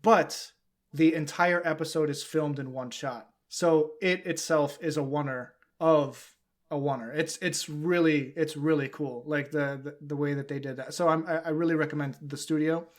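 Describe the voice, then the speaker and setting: A man's voice: on the high side, fairly even intonation, normal speed. A man co-hosting a podcast, talking casually and rambling with many fillers and restarts. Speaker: podcast co-host. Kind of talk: casual chat.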